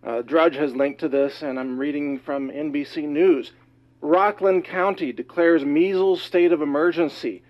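Man, breathless, alarmed, emphatic, higher voice, dull lo-fi sound. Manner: rapid, alarmed, emphatic delivery. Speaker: news commentator. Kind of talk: urgent news monologue.

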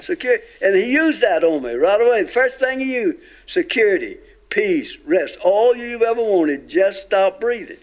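A man gives his testimony with earnest emphasis. He draws out key words and his voice sits fairly high for a man. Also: lively intonation. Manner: earnest storyteller, drawn-out emphatic phrases. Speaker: guest telling a near-death experience. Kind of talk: recorded testimony talk.

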